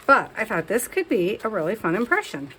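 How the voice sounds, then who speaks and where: A woman's voice: medium pitch, sing-song, a little fast, pushed and bright, a little hiss or hum, poor audio. A woman talking casually through a crafting session as a vlogger, chatting and scolding herself as she works.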